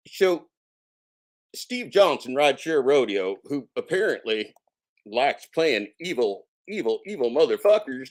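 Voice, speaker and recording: A man's voice: mid-range voice, lively intonation, a little slow. A man hosting a casual live stream, talking in a sarcastic, mocking and boastful way and swearing freely.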